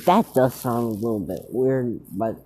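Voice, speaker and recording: Casual male storyteller, rambling and slow, husky and mellow. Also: medium pitch. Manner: rambling, many fillers and restarts. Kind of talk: casual fan-fiction retelling.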